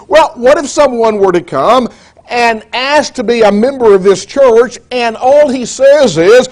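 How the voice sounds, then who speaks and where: Preacher guy w a higher voice, takes it slow, asks the room questions. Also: a little mellow. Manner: measured, deliberate delivery with rhetorical questions. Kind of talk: sermon.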